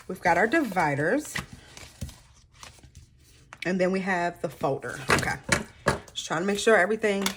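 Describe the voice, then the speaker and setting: A woman, chatting casually to viewers as a planner vlogger, animated and slightly hoarse. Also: medium pitch, a little hiss or hum. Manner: chatty, animated storytelling with frequent laughs.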